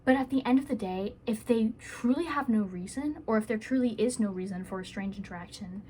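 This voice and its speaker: A woman's voice: fairly high pitch, a little fast, a little mellow, breathy edge. A woman giving earnest, rambling self-help advice to camera in a casual vlog, with playful asides.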